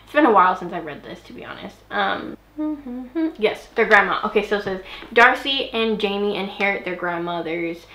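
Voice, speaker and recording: A woman's voice: medium pitch, lively intonation, moderate pace, sharp tone. A young woman chatting casually in a book review vlog, rambling with fillers and hiccuping now and then. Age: young adult. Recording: echoey room.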